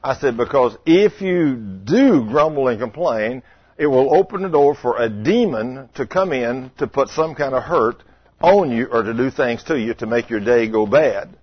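A man's voice: mid-range voice, animated, normal speed, breathy edge, dry recording. Folksy preacher man. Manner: folksy, conversational, questions to the congregation. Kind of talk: sermon with storytelling. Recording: dull lo-fi sound.

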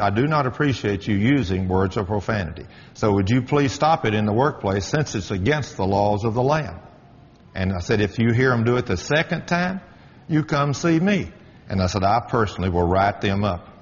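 A man's voice: lowish voice, a little hiss or hum. Firm middle-aged man testifying in a hall. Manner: emphatic, firm, preacherly. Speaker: workplace manager giving a testimony. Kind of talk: spoken testimony with storytelling. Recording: dull audio with long hall reverb.

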